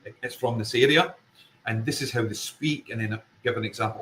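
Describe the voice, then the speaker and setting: A man's voice: mid-range voice, a little fast, fairly bright tone, slight background noise, poor audio. Earnest Scottish man from Fife. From Scotland. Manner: earnest, emphatic, circles back to his point. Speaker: paranormal investigator guest. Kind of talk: casual interview chat.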